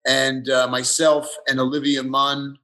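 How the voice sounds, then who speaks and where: A man from the Bronx, a guest on a casual chat show, talking in halting bursts with many restarts. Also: medium pitch, flat delivery, sharp tone. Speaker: actor guest.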